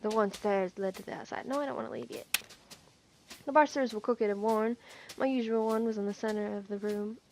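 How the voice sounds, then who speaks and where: A woman's voice: medium pitch, steady tone, a little fast, darkish tone, a little hiss or hum. A young woman hosting a gaming video, reading a story game's text aloud, stumbling over words and correcting herself. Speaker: gaming channel host. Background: background music.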